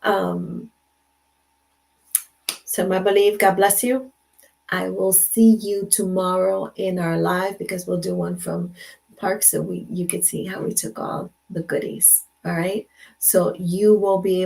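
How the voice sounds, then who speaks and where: Talking into her computer mic, an older woman runs a relaxed live stream with a warm, affirming manner, frequently repeating herself. Her voice is lowish and gravelly, slow-paced, with little pitch movement.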